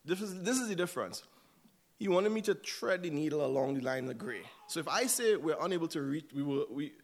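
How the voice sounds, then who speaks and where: Gravelly-voiced man preaching conversationally. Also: on the high side. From United States. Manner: conversational, asks "right?" often. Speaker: church speaker. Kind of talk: sermon.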